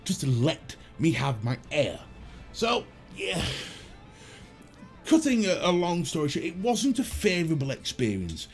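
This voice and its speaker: A man's voice: on the high side, big pitch swings, measured pace, soft background music. A middle-aged British man hosting a livestream, telling a story in a casual, profane, self-mocking way. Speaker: livestream host.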